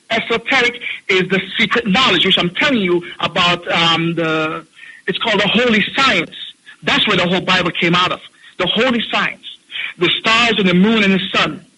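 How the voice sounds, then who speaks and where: Jamaican guy calling in, ranting and scolding, pretty high pitched. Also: bright, forceful tone, slightly rough, poor audio. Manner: mocking, scolding, preachy. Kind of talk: heated ranting monologue.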